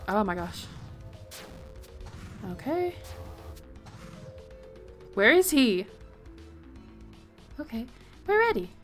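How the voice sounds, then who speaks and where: A woman's voice: a little high, sing-song, very slow, long pauses, a bit bright, faint music behind. A young woman giving let's play commentary, reading game text aloud and reacting with worried exclamations. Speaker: gaming video host.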